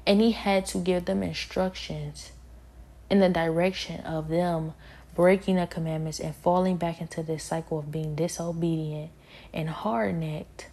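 A woman delivers an impassioned sermon in a low, warm, mellow voice. She sounds worn out and weary. She hammers her points through repetition and builds to emphatic, forceful peaks. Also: fairly even intonation, a little slow.

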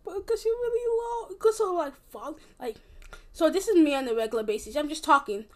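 A woman's voice: high-pitched, animated, fairly quick, darkish tone. A young woman telling a personal story to the camera in a casual, rambling way, with many restarts and fillers. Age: young adult. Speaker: vlogger.

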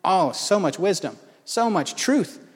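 A man with a somewhat high voice preaches in a lively, conversational way and pokes fun at himself as he tells a story. He is speaking in a large hall, and his voice trails off in a long reverb. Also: measured pace. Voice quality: animated, conversational, self-mocking. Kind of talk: storytelling sermon.

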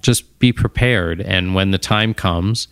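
A man's voice: low-pitched, slow pace, fairly bright tone, clear, resonant tone, no room sound, studio quality. A man hosting a podcast on his own, talking casually and wandering off into tangents. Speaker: podcast host. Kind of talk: casual solo monologue.

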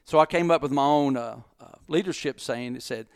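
A man's voice: fairly quick, hardly any pauses, no room sound, clean studio sound. A middle-aged man, a business owner, telling stories in a casual podcast chat and acting out the voices in them. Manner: animated storyteller, acts out quotes, jumps in pitch.

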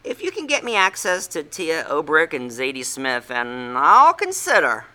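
A man's voice: a little high, huge pitch swings, moderate pace, bright, forceful tone, exaggerated voice. A man voicing a snobbish teenage boy prodigy who is haughty and slyly evasive. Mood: smug.

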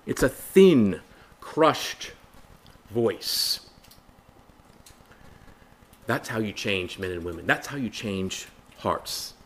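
A man's voice: sits low, expressive, normal speed, hardly any pauses, bright, forceful tone, husky. A man preaching a Bible study sermon in an earnest way, asking rhetorical questions, repeating phrases and calling listeners brothers and sisters.

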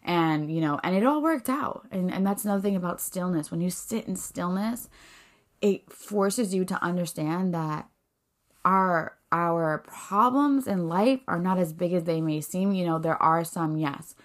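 A woman hosting a podcast, reflecting in a casual, faith-based way with many fillers and restarts. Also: on the low side. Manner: rambling, filler-heavy, earnest. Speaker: podcast host.

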